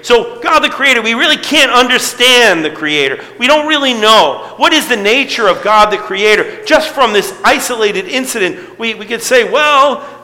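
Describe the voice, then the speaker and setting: A man's voice: sits high, sharp tone, in a large hall, rough recording. A middle-aged man preaching a sermon to his congregation in a conversational way, asking rhetorical questions. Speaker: pastor.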